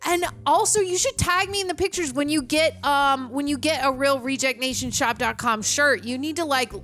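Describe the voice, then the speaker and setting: A bubbly young woman chats away as co-host of a movie reaction show, her voice high and bright. She skips from one aside to the next in a loose, casual way, with faint music behind her. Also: normal speed. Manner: bubbly and chatty, jumping between asides. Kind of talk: casual chat.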